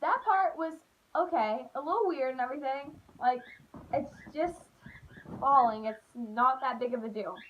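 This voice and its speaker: A young woman telling stories in a chatty, animated way, full of "like.". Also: high-pitched, unhurried, highs cut off. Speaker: vlogger. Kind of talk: casual storytime.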